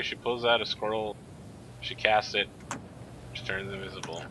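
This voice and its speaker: A man acting as game master, calmly narrating and making rules calls with dry asides. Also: on the low side, measured pace, a little hiss or hum, rough recording. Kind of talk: running a tabletop game.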